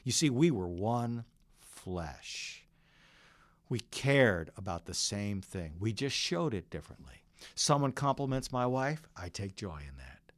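A man's voice: fairly low pitch, big pitch swings, unhurried, dry recording, studio quality. A middle-aged man preaching a sermon as pastor, earnest and full of stories. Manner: earnest, storytelling preacher who varies his delivery.

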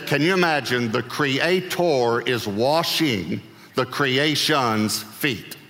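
A man preaching a sermon with humor, acting out scripture voices and breaking into sudden shouts. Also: medium pitch, big-room sound. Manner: humorous, acts out Bible voices, bursts into shouts.

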